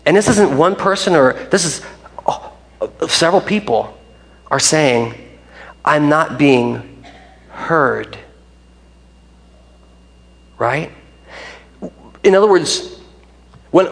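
A man pastor giving a casual, rambling sermon in a folksy way, often restarting and adding asides. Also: fairly high pitch. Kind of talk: conversational sermon. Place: church sanctuary.

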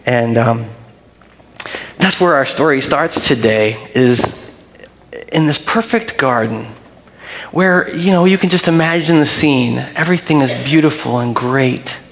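A man's voice: medium pitch, unhurried. Man preaching in a reverberant hall. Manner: storytelling, animated and laughing. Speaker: pastor. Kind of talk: sermon. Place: church sanctuary.

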